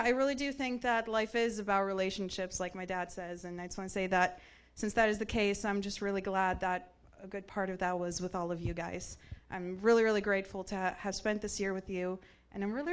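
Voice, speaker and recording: Young woman, graduating student, smooth clear voice, grateful and heartfelt tone. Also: medium pitch, steady tone, fairly quick. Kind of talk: graduation speech.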